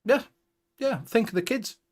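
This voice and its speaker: High-voiced Welsh man ranting bluntly. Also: moderate pace, darkish tone. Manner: blunt, heavy swearing, emphatic ranting. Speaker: show host. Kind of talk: casual livestream chat.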